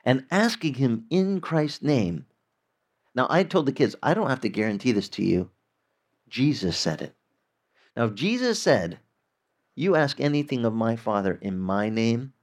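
Lively conversational male preacher. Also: medium pitch. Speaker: pastor. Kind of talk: sermon.

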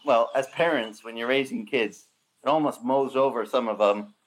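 A pastor delivering a sermon in a medium-pitched voice. He speaks in an animated way, with plenty of lift and emphasis. He sometimes drops into voices to act out what people say. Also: normal speed. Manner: animated preaching with acted-out quotes.

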